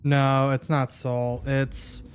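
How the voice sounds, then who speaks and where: Slow, rambling male game streamer. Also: mid-range voice, monotone, soft background music. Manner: rambling, halting, many fillers and restarts. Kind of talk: casual gaming chat.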